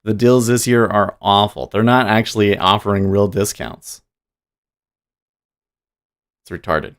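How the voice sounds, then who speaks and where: A man hosting a day-trading livestream, talking casually in a rambling, halting way with many restarts. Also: fairly low pitch, fairly even intonation, clean tone.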